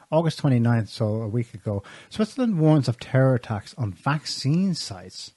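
A man's voice: medium pitch, very animated, measured pace, dark tone, slightly rough, dry recording. A man co-hosting a talk show, giving casual, sardonic political commentary with pointed remarks and frequent restarts. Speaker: show co-host.

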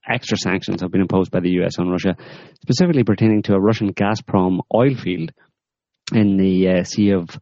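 Male host, very low voice, deadpan sarcasm, dry dull recording. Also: no echo. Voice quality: rambling, deadpan with many fillers. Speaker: podcast host. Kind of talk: sarcastic current-affairs chat.

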